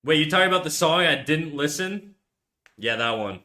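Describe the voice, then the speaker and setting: In an untreated room of his apartment, a young man live-streams his drawing into a USB condenser desk mic, reading chat aloud and swearing a lot in an easygoing way. His voice is on the high side, lively, at a moderate pace with a sharp tone.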